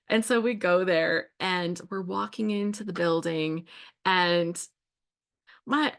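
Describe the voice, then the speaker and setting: A woman's voice: on the low side, slow pace, gravelly, a bit bright. A woman hosting a scrapbooking livestream, telling stories in a casual, chatty way with frequent laughs and fillers. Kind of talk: casual storytelling chat while crafting.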